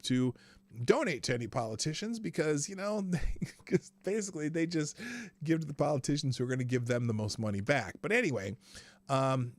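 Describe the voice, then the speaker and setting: A man's voice: on the high side, lively intonation, brisk, no echo. A man hosting a live news commentary stream, ranting sarcastically, swearing freely and laughing between sentences. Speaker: show host.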